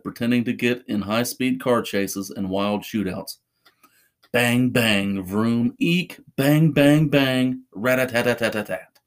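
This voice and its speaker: A man narrating a first-person horror story in a measured, suspenseful way. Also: lowish voice.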